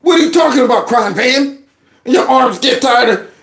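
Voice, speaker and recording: Male reaction host; mocking and animated, high and lively delivery in a roomy space. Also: normal speed. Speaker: commentary host.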